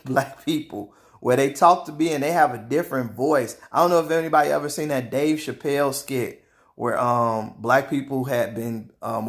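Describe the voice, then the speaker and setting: In a casual opinion monologue, a male vlogger with a mid-range voice speaks directly to his viewers. He's animated, laughs often, and repeats words.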